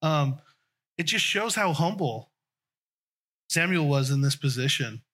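A man's voice: a little high, expressive, measured pace, fairly bright tone. A man preaching a conversational sermon, often restarting and trailing off mid-sentence.

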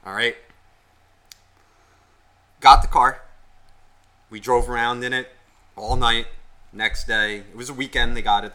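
A man's voice: on the low side, bright, forceful tone. A man co-hosting a podcast, telling a rambling, profanity-laced story in casual chat. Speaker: podcast co-host.

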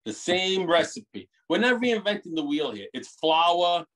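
A middle-aged man born in Italy, a bakery owner, talking in an animated, rambling way with many restarts on a video call. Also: high voice, a little slow. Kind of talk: casual interview over a video call.

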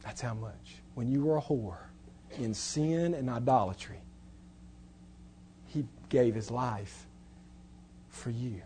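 A man preaching a sermon as pastor, moving between hushed, tender passages and loud, impassioned appeals. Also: medium pitch, slow, long pauses, slight background noise.

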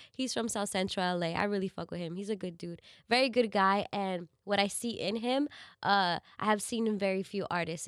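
A woman's voice: mid-range voice, fairly bright tone, dry recording. Woman host, congested and nasal from a cold, candid casual delivery, dry studio sound. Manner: candid, profane, chatty. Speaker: podcast host and radio DJ. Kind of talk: casual solo podcast talk.

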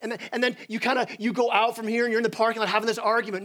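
High-voiced, animated man preaching. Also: racing, hardly any pauses. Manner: animated, repeats words when starting sentences, acts out voices. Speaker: pastor. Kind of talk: sermon. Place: church sanctuary.

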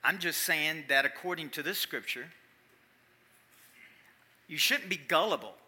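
Bright-voiced man preaching a lively sermon. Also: a little high, measured pace. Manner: animated, swings from quiet asides to loud emphatic calls. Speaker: pastor. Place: church.

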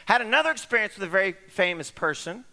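A middle-aged male pastor preaching with a bright, ringing tone and a pitch that leaps around as he tells his stories. He acts out the voices of the people in them. The sound carries a long reverb, as in a large hall. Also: fast talker. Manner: animated storytelling, acting out quoted voices. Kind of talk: sermon. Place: church sanctuary.

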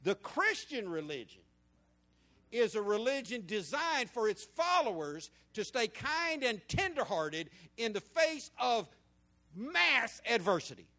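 High-voiced preacher in his fifties. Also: measured pace. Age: 50s. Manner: animated storytelling preaching, swinging between loud and hushed. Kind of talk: sermon.

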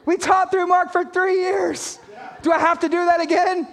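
A man's voice: very high-pitched, flat delivery, moderate pace, some chatter behind. A man preaching a sermon as a pastor, talking straight to his congregation with emphatic points and playful jokes.

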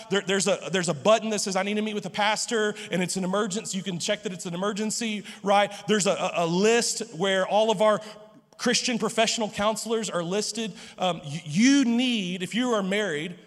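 A man's voice: sits high, a bit bright, big-room sound. A man preaching a sermon as pastor, stammering through restarts and joking asides.

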